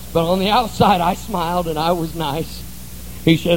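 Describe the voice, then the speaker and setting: A man's voice: on the high side, moderate pace, slight background noise, low-quality recording. A man pastor preaching a sermon in a church, telling stories in a folksy, conversational way. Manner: folksy storytelling.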